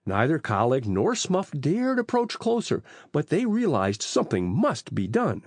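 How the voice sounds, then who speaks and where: A man narrating an audiobook in a lively, expressive reading style on a close mic. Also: a little high, a little slow, no echo. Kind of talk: storybook narration.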